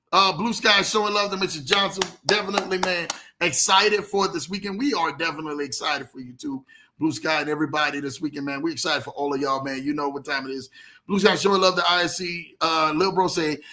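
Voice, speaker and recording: A man hosting a casual livestream, animated, greeting viewers by name and telling stories in loose slang. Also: a little high. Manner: animated, reads out viewer comments, Southern US slang. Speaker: livestream host.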